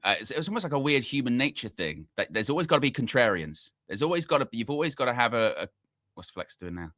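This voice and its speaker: A man reads viewers' comments aloud on a casual football stream. His voice is forceful and bright. The sound is dry and close, and his thoughts ramble loosely. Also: mid-range voice, no room sound. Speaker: football podcast co-host. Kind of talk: casual live-stream reaction chat.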